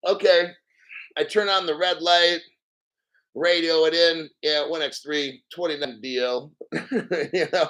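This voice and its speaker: Incredulous and cursing, a man riffs through a live commentary rant on his stream, breaking into laughter again and again. He speaks with a fairly bright tone in a high-ish voice.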